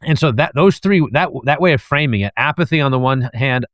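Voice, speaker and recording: A man's voice: medium pitch, brisk, fairly bright tone, no room sound. A man who is a guest author and professor, thoughtfully laying out an analogy step by step in a discussion. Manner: thoughtful, lays out ideas step by step.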